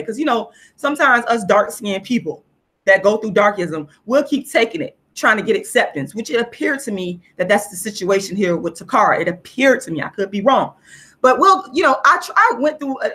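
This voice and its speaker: Blunt, profane woman ranting on a livestream. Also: medium pitch. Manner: blunt, profane, animated storytelling. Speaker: vlogger. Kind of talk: casual livestream rant.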